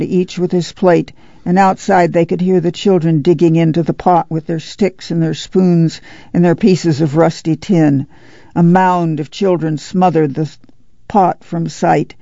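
A narrator reading a novel aloud in a measured storytelling manner. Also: medium pitch, vocal fry, mellow, no room sound, muffled recording. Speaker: audiobook narrator. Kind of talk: scripted narration.

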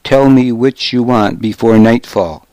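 A man voicing a proud, stubborn warlord cousin in an audiobook, with a measured, commanding delivery. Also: medium pitch, mellow, no room sound, natural voice, rough recording. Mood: stern. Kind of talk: audiobook character reading.

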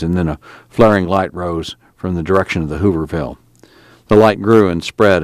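A man reading a novel aloud for a radio reading service in a measured, plain narration. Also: low-pitched, no echo. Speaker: radio book reader.

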